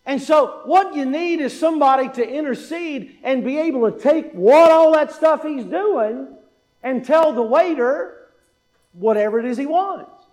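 A man's voice: very high voice, lively intonation, a little slow, darkish tone. A male pastor preaching a sermon in a church, emphatic, asking rhetorical questions and repeating key points.

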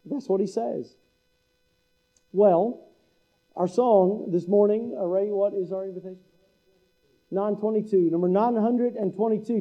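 High-voiced middle-aged guy preaching, folksy and joking, dull lo-fi church recording. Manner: folksy, mimics local speech for laughs. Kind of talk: sermon. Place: church hall.

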